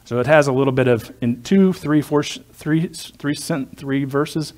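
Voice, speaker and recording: A man's voice: fairly high pitch, normal speed, hardly any pauses, darkish tone. A male pastor preaching a sermon in a conversational, digressive way, with joking asides to his congregation.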